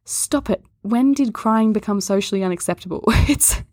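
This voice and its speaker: A woman's voice: medium pitch, normal speed, darkish tone, no echo. A woman yoga and Reiki teacher talking earnestly on a podcast, coaxing the listener and speaking straight to them. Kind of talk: podcast talk on chakras.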